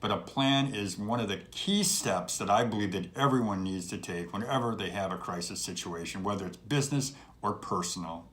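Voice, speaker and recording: Lower-voiced man giving advice. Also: a little fast, few pauses, fairly bright tone. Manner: conversational, emphatic, repeats key points. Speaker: host. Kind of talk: advice talk to camera.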